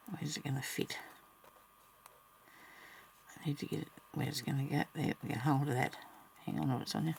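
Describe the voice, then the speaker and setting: A woman's voice: sits low, fairly even intonation, normal speed, creaky, long pauses, a little mellow, slight background noise. A woman talking along casually as she works on embroidery, muttering to herself and chatting to her viewers. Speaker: crafter narrating her embroidery work. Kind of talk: casual talk-along crafting vlog.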